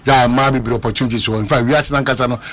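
A man hosting a casual radio chat, animated and mixing languages as he talks. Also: very fast. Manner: animated, switching between languages, breaks into high laughing cries.

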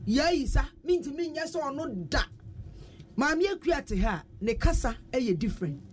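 Ghanaian radio host, lively studio banter, reads listener messages, repetitive, low background noise. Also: moderate pace. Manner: animated, repeats words many times.

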